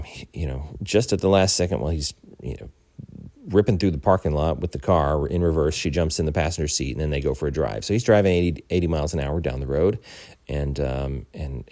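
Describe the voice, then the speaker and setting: Very deep-voiced man recapping a film. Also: a little mellow, no room sound. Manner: halting, many fillers and restarts. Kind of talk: casual film plot retelling.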